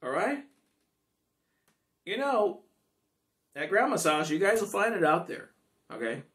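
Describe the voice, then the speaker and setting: A man's voice: high-pitched, sing-song, measured pace, fairly bright tone. A man, a singer-songwriter, chatting casually and ramblingly to his audience between songs. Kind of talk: casual chat between songs at a home concert.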